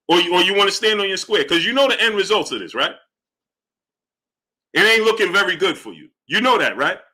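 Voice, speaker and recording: Guy on a boxing livestream, bright sharp voice, kinda high, calling out chatters. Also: lively intonation, a little fast. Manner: combative, challenges chatters, shouts out viewers. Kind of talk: live-stream chat, reading donations.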